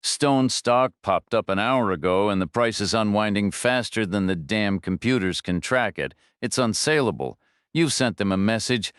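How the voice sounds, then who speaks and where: A man voicing a furious, panicking male finance director who shouts insults while out of breath. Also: on the low side, lively intonation, moderate pace, clean tone, no room sound, studio quality. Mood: panicked.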